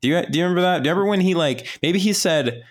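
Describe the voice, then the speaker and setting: A man co-hosting a podcast in casual chat, telling rambling anecdotes. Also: racing. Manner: rambling storyteller, jumps pitch when excited. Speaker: podcast co-host.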